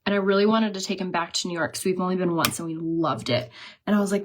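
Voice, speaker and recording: A beauty vlogger in her thirties chats casually while doing her makeup, telling stories and laughing at herself in a self-mocking way. Her lowish voice is quick with fairly even intonation, and there's slight background noise.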